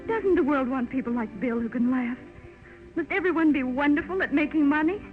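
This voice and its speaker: Actress doing a young newlywed wife, loving, wistful, high voice, tinny old radio sound. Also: female voice, brisk, close to an everyday voice. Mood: anguished. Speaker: lead actress. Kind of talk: 1930s radio drama acting. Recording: tinny 1930s radio broadcast with music.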